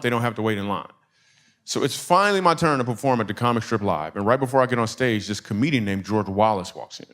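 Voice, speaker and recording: A man from Michigan doing a stand-up comedy set, telling stories and acting out the people in them. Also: mid-range voice. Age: adult. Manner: animated, acts out quoted voices, laughter in the crowd.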